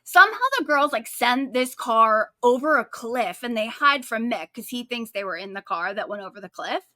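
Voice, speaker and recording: A woman co-hosting a true-crime podcast, talking in a casual, animated way with a sarcastic edge. Her voice is bright and a little high. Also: moderate pace, dry recording, clean studio sound. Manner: animated, sarcastic storytelling with frequent likes. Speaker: podcast co-host.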